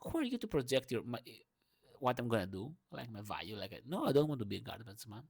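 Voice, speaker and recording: A young man ranting through a morning monologue in his second language. He swears freely and swings between loud outbursts and low murmurs. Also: big pitch swings, fast talker, vocal fry, breathy edge. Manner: speaks English as a second language. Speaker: vlogger.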